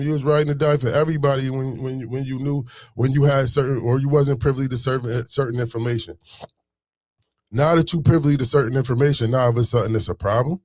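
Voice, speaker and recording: A man's voice: a little high, a little mellow, no room sound. A man telling a story in a casual monologue, full of street slang, repeating phrases as he goes on a rant.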